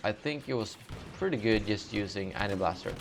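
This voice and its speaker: A man's voice: lowish voice, lively intonation, a little fast, creaky, noisy background. A young man hosting a live gaming Q&A, reading out chat questions and answering in a sleepy, rambling way with many fillers and self-corrections. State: sleepy, yawning. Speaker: gaming channel host.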